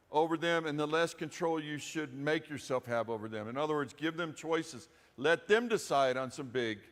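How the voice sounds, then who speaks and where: A man's voice: fairly high pitch, fairly bright tone. Guy pastor preaching, casual folksy talk, lots of asides, big echoey church sound. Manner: conversational and folksy, with frequent asides. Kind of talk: sermon. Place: church sanctuary. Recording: reverberant church hall.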